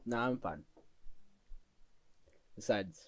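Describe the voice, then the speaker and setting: A man plays a loyal adventurer with a low-pitched voice who speaks earnestly and reassuringly. The sound is close and dry. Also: expressive, takes it slowly, dry recording. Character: caring young male adventurer insisting on loyalty.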